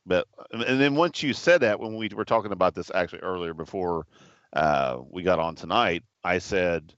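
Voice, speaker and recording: Man, podcast co-host, low voice, hesitant casual talk, dull dry sound. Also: moderate pace, dry recording. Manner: relaxed, hesitant, lots of fillers.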